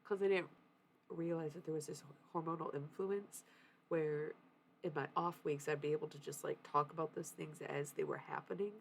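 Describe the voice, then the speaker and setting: A woman's voice: sits low, steady tone, moderate pace, creaky, slight background noise. A young woman livestreaming, talking candidly in a casual confessional way, swearing freely and laughing often.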